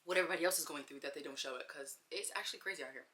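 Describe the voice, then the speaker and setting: A young woman speaks to her camera at home in a relaxed girl-talk storytime between bites of food. Her voice is bright and forceful but sits slightly low, and she rambles candidly, circling back with fillers and restarts. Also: very fast. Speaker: vlogger. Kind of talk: casual girl-talk storytime while eating. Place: at home, wearing a bonnet.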